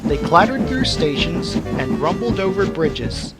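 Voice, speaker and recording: A man narrating a children's railway storybook in a lively, expressive reading. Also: a little high, measured pace, rough recording. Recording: music playing behind.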